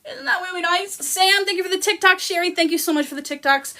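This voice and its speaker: Bubbly high-voiced woman in her thirties. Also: fast, pushed and bright. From Canada. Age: 30s. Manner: bubbly, gushing, thanks viewers by name. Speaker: livestream host. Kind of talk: casual livestream chat with viewers.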